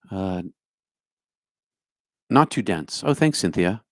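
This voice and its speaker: A man's voice: lowish voice, lively intonation, moderate pace, no echo, clean studio sound. A middle-aged man with a New Jersey accent, a spiritual speaker answering his live chat by name, musing and humming to himself. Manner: musing, talks to viewers by name, hums to himself. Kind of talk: livestream chat reply.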